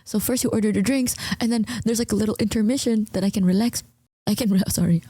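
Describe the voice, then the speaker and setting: A young woman streamer talking quietly at home, telling a story to her chat with animated, stammering imitations of herself. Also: mid-range voice, fast, slightly rough, dry recording. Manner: hushed, quiet, keeps voice down. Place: at home, indoors.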